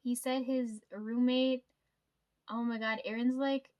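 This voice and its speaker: A woman with a slightly high voice tells stories about her coworkers in a loose, rambling way. She swears freely and fills the gaps with fillers and little laughs. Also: level tone, measured pace, highs cut off. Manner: chatty, swears a lot, frequent fillers and laughs. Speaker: vlogger telling work stories. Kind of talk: casual storytime chat.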